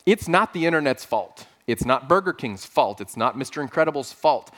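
A man's voice: mid-range voice, animated, normal speed, a bit bright. A man preaches with earnest conviction in a mid-range voice. He stresses his points by repeating key phrases. His delivery is that of a pastor in the middle of a sermon.

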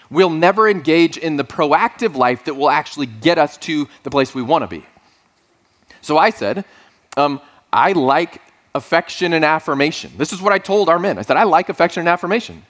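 A man's voice: a little high, a bit bright. A man preaching a sermon as pastor of his church, talking conversationally with dry, self-deprecating asides.

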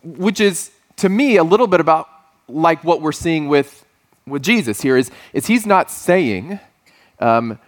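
A man's voice: a little high, animated, measured pace. A man in his forties giving a sermon as a pastor, conversational and storytelling, with playful asides.

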